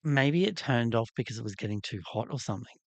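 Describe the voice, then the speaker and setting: A man's voice: medium pitch, expressive, fast, creaky, no echo. A man hosting a livestream, chatting casually in a rambling, candid way while he works on a doll. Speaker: livestream host.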